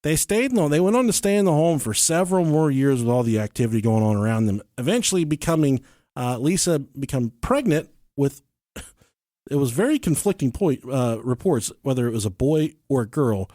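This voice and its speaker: A man's voice: medium pitch, sing-song, fairly quick, mellow, dry recording, studio quality. A man hosting a podcast, telling stories in casual chat, swearing freely, joking and laughing as he goes. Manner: profane, joking, laughs often while telling. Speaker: podcast host.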